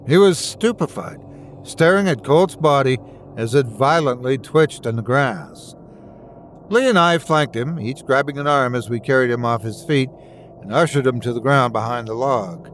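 A man's voice: medium pitch, moderate pace, fairly bright tone, slight background noise. A man narrating a first-person horror story with suspenseful, dramatic storytelling.

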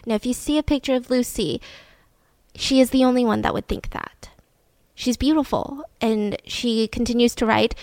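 Woman host, kinda high voice, dry mic, chatty storytelling w/ some swearing and laughs. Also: normal speed, darkish tone, no echo. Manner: chatty, swears casually, laughs between points. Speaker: podcast host. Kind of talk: casual true-crime storytelling.

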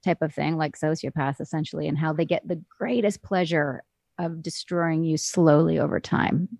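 A woman's voice: low-pitched, fairly even intonation, normal speed, vocal fry, a little mellow, no room sound, clean studio sound. A woman guest on a podcast, earnestly explaining her experience. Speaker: guest, former cult member. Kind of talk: podcast interview.

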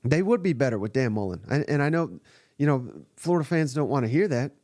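A man's voice: medium pitch, expressive, fairly quick, a little mellow, no echo, clean studio sound. Blunt, exasperated male podcast host. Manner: blunt, exasperated, profane commentary. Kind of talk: live sports reaction podcast.

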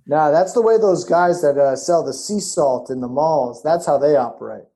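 A man's voice: on the high side, moderate pace, dark tone. A man in casual chat, telling stories with wry, joking humor.

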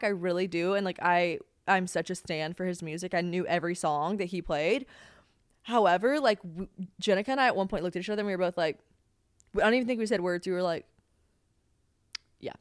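A young adult woman hosting a podcast, telling a story in casual, profane, animated chat. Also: fairly low pitch, clean tone, no room sound, studio quality. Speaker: podcast host.

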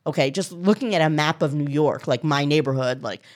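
Low-voiced woman telling a story. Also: brisk. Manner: animated storytelling, acts out quoted people. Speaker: guest comedian and writer. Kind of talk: casual podcast conversation.

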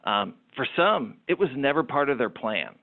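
A man who runs a business, telling lively anecdotes as a guest in an interview. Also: mid-range voice, normal speed. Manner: animated anecdotal storyteller. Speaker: entrepreneur guest. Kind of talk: storytelling interview talk. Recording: tinny phone-like line.

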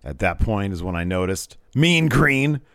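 A man's voice: lowish voice, big pitch swings, measured pace, a bit bright, no room sound, studio quality. A man co-hosting a live-streamed podcast, recapping wrestling in a rambling, casual way with lots of fillers. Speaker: podcast co-host.

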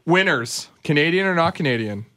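A man's voice: on the high side, expressive, brisk, bright, forceful tone. A man co-hosting a morning radio show, reading quiz questions in a playful, teasing way. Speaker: radio co-host running a quiz.

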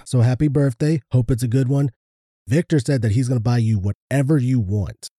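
A man co-hosting a podcast, reading birthday shout-outs in a low-key, flat delivery. His voice is very dark and mellow, recorded dry and close. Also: a little fast, dry recording. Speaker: podcast co-host. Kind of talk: casual chat.

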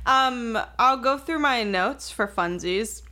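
A young woman chatting casually as a podcast co-host, laughing in bursts. Her voice is high and bright with a sharp edge to it. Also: animated, takes it slowly. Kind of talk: casual chat.

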